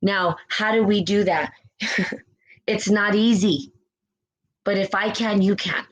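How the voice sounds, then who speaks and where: On a low-quality recording, a woman with a medium-pitched, steady voice speaks slowly as she hosts a spiritual live stream. Nearly in tears, she delivers a fervent, emotional motivational talk, reads viewer comments, repeats phrases, and keeps asking "right?"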